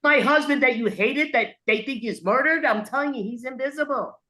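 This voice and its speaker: A woman in an improv scene who sounds frantic and panicky. Her voice is high-pitched. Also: fairly quick, bright, forceful tone. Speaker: improv player.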